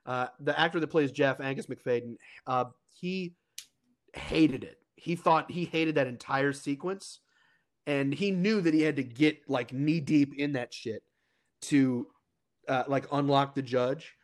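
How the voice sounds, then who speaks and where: A man's voice: mid-range voice, a little slow. A young man co-hosting a casual podcast, rambling with restarts and laughing often. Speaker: podcast co-host. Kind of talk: casual chat.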